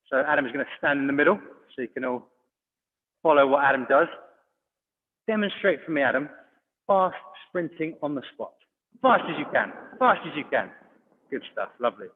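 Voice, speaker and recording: A man's voice: on the high side, animated, a little fast, pauses often. A man coaching a children's online exercise class, encouraging and calling out commands. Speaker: judo coach. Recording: phone-like audio, long hall reverb.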